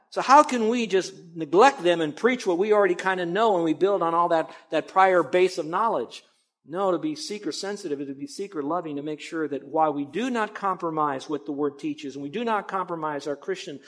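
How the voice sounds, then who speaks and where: A male pastor preaching an expository sermon, earnest and emphatic, swinging between loud stresses and quiet asides. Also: fairly high pitch.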